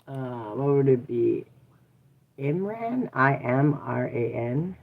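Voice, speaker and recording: A channel host and mother with a deep, low, gravelly voice chats casually and live from home, speaking slowly and expressively. She is playful and laughs easily, breaking off now and then to give her child firm little corrections. The audio sounds thin and tinny, as if through a phone.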